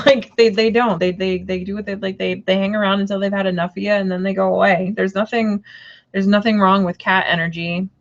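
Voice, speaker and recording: A woman's voice: mid-range voice, dull audio. A woman chatting casually on a live stream, rambling with many fillers and restarts. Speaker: tarot reader and shop owner.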